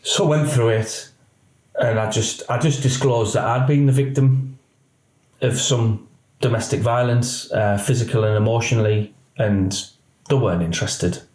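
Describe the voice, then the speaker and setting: A man's voice: mid-range voice, fairly even intonation, moderate pace, darkish tone, roomy sound, rough recording. A man, a former police officer telling his story in a candid podcast interview and acting out the dialogue.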